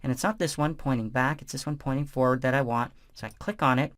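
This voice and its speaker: A man narrating a software tutorial as instructor, explaining each step in a relaxed, conversational way. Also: mid-range voice, quick pace.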